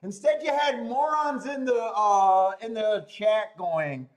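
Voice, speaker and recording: A man hosting a live stream goes on a worked-up chat rant, pleading, swearing, and laughing as he talks. His voice is high and his pace is slow.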